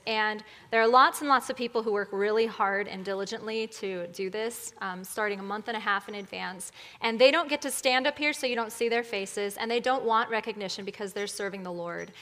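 A woman giving an earnest, expressive sermon with storytelling at a church evening. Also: medium pitch. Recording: long hall reverb.

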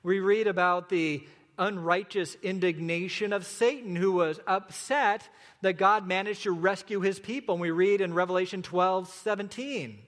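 A man preaching a sermon as a pastor, earnest and emphatic, slowing down for repeated points. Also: high-pitched, a bit bright, long reverb tail.

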